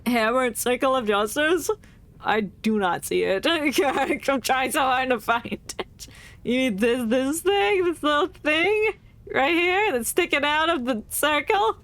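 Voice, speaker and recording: A woman's voice: sits high, expressive, unhurried, a bit bright, no room sound. A woman streaming a game, chatting and reacting playfully with frequent giggles. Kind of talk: casual game commentary.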